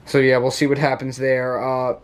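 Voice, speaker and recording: A young man hosting a casual wrestling recap video, chatty and excitable, quick to laugh. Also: medium pitch. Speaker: wrestling show recap YouTuber.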